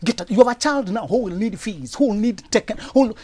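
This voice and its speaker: A man giving blunt, forceful relationship advice on a talk show, in a lively, preachy manner. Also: high-pitched, quick pace, husky.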